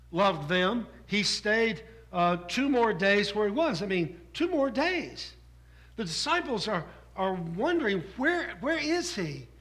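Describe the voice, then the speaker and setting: A man's voice: sits high, pushed and bright. A man preaching a sermon from the pulpit in a conversational way, repeating phrases for emphasis. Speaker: pastor. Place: church sanctuary.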